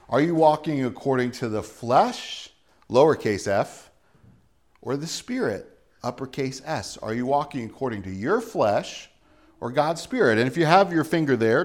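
A man's voice: mid-range voice, vocal fry. A man preaching a sermon, reading scripture aloud and explaining it in a conversational way, asking the congregation questions. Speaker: pastor.

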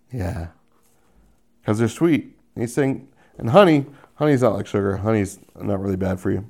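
A man's voice: on the low side, gravelly, a little mellow. A man preaching a sermon, addressing believers directly and acting out the voices of the people he describes. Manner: acts out quoted voices, drawn-out "mm" sounds.

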